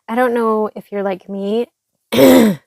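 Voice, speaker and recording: A woman's voice: fairly high pitch, steady tone, takes it slowly, vocal fry, darkish tone, dry recording. A woman hosting a devotional podcast, speaking earnestly and encouragingly with a stuffy, congested voice. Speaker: podcast host.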